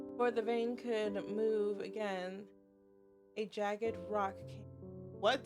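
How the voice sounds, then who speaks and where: A woman streamer reading a game's story aloud with emotional live reactions, swearing often and exclaiming loudly. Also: medium pitch, level tone, slow, over music.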